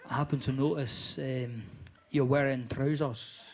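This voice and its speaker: A man putting on a low Scottish flirt. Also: steady tone, noisy background, natural voice. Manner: slow, low, suggestive drawl. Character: smooth-talking Scottish man chatting up a woman.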